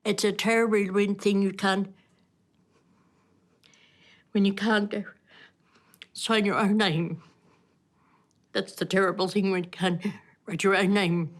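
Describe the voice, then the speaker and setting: A woman from Australia in a casual interview, speaking haltingly and repeating herself. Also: mid-range voice, level tone.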